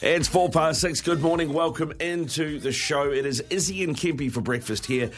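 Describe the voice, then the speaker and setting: A man's voice: fairly high pitch, normal speed, faint music behind. A man hosting breakfast radio, opening the show and teasing his co-host in an upbeat way. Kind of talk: casual breakfast radio banter.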